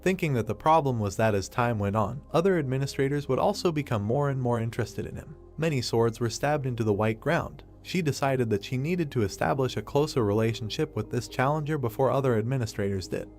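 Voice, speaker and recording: A man narrating a story recap from a script, reading at a steady, even pace. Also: medium pitch, fairly quick, few pauses, faint music behind.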